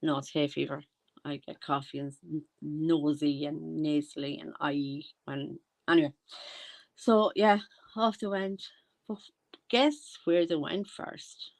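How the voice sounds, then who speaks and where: A woman's voice: deep voice, unhurried, gravelly. A woman with an Irish accent giving casual, rambling commentary and often losing her train of thought. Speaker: commentary vlogger.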